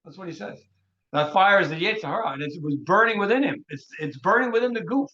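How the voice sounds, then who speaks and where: A male rabbi with a high, bright voice retells a Talmudic story in an animated lecture. He restarts his phrases often and drops in Hebrew terms as he goes. The recording sounds dull and lo-fi. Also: fast talker. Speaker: rabbi teaching a workshop.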